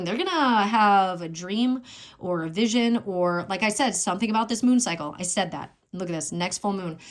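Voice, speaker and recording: A woman talks her way through a tarot spread in a relaxed, chatty way. She thinks out loud, breaks off to react to what she sees, and keeps her pitch in a middle range. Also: slight background noise. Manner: thinks aloud, chatty, exclaims over the cards. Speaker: tarot reader. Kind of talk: casual collective tarot reading.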